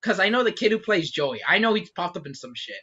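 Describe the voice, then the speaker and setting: Lively laughing man, bright muffled voice. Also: sits high, fast, husky. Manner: animated, laughing, swearing, many fillers. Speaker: podcast co-host. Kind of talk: casual podcast chat. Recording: muffled lo-fi recording.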